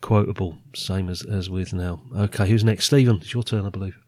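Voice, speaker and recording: A man hosting a casual chat, leading a list and talking in a relaxed, chatty way. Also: sits low, brisk, dry recording. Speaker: podcast host.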